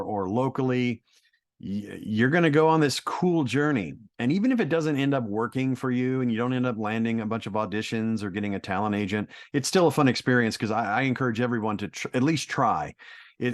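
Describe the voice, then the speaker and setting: Man, from Texas, voice actor guest, middle pitch, animated, encouraging, casual podcast chat. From Texas, USA.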